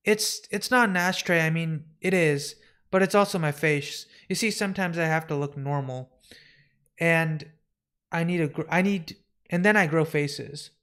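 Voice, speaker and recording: A lonely, despairing shapeshifter woman, read aloud by a man in a live comic book reading. She talks haltingly, with stammers and restarts, sounding hopeless. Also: a little high, fairly bright tone, clear, resonant tone. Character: sad lonely shapeshifting woman wanting death.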